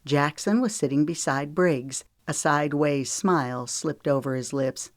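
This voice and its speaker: A woman narrating a romance audiobook in a calm, measured way. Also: low-pitched, no echo, studio quality. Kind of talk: scripted narration.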